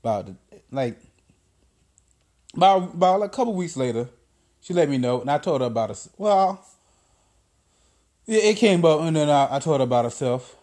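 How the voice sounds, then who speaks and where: A man hosting a podcast, telling stories in a casual monologue, profane and excitable, full of slang. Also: fairly high pitch, normal speed, long pauses. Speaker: podcast host.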